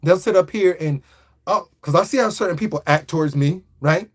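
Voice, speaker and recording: A man hosting a livestream, chatting casually in a rambling, slangy, animated way and greeting viewers. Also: sits high, brisk. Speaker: livestream host. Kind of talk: casual live chat.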